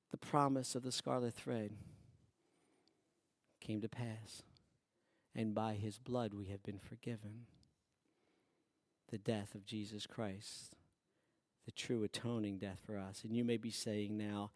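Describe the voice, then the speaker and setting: A man preaching a sermon who swings from hushed, quiet passages to loud, emphatic ones. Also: lowish voice, fairly even intonation, a little slow, long pauses, no echo, clean studio sound. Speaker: pastor.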